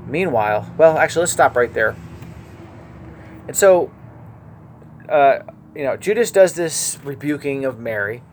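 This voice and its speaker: A man preaching a verse-by-verse Bible teaching, earnest, moving between quiet asides and emphatic, stressed lines. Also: a little high, lively intonation, unhurried, long pauses, a little hiss or hum.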